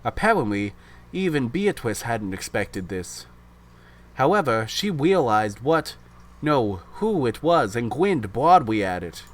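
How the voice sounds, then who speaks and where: A young man with a mid-range voice hosts a podcast, reading a visual novel aloud at a measured pace in a very animated way. He keeps breaking off to chat, laughing easily and poking fun at himself.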